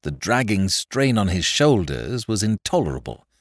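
Male narrator with a low voice and an animated read; dry, close recording. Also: moderate pace, no echo. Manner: lively dramatic reading. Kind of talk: audiobook narration.

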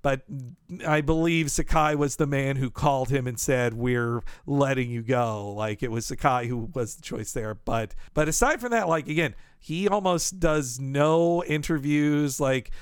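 A man's voice: on the high side, animated, normal speed, clear, resonant tone, no echo, studio quality. A man co-hosting a casual podcast chat, talking in a thoughtful, hedging way. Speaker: podcast co-host.

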